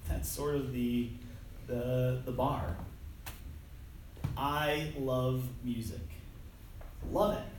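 A man's voice: mid-range voice, fairly even intonation, extremely slow, long pauses. A man delivers a conversational sermon, self-deprecating and loose, often restarting his phrases. His voice sits in a middle register. The sound is distant and washed in heavy hall echo, with a faint hiss underneath. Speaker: preacher. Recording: echoey hall from far off, faint noise.

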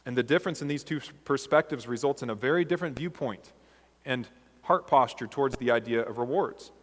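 A man preaching a sermon as a pastor, earnest and measured, asking his listeners rhetorical questions. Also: mid-range voice, long reverb tail.

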